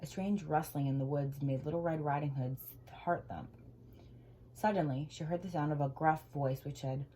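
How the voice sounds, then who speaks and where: A woman reading a children's storybook aloud with gentle, expressive storytelling. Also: low voice, moderate pace, a little hiss or hum, low-quality recording.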